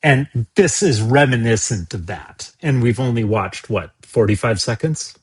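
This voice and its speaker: Male co-host, husky voice, wry and profane, medium pitch. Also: expressive, normal speed. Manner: wry, profane, blunt asides. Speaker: stream co-host. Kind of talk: casual livestream commentary.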